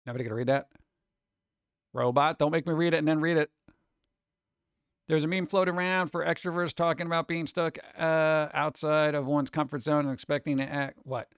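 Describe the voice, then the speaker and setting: A man's voice: on the high side, little pitch movement, a little fast, smooth, no room sound, clean studio sound. A man streaming live, chatting casually and reading chat messages, rambling and joking with a sarcastic edge.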